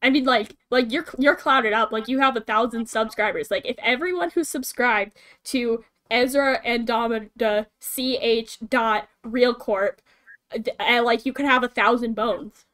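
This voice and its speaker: A woman streamer chats casually with a guest and keeps breaking into giggles. She rambles, restarts her sentences and jumps between thoughts. Her voice sits a little higher than most women's. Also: a little slow, a bit bright. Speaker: streamer host. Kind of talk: casual chat.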